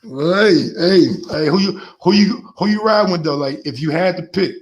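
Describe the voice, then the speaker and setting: Man, sports call-in host, slightly high voice, excitable, repeats words, laughing. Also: normal speed, a little hiss or hum. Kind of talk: casual sports call-in talk.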